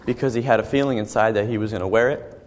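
A young man giving an earnest personal testimony as a sermon, halting and often repeating his words. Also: lowish voice, steady tone, in a large hall. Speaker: young preacher.

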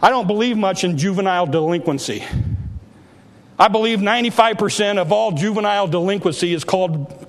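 A man's voice: sits high, a bit bright. A male pastor, preaching a sermon in a church and building to emphatic, rising exhortations. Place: church sanctuary. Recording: hall reverb.

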